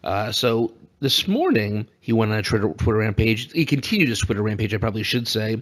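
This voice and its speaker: A man's voice: lowish voice, animated, fairly quick. Rambling, jokey man on a podcast. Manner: rambling and jokey, laughs often. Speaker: podcast co-host. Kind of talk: casual political podcast chat.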